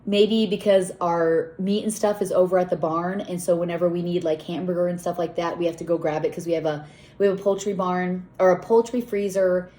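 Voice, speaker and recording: Fairly quick and steady, her low, mellow voice carries a chatty, rambling tour of her farm outdoors in the cold. The middle-aged woman, a farm owner and vlogger, often speaks to her animals along the way.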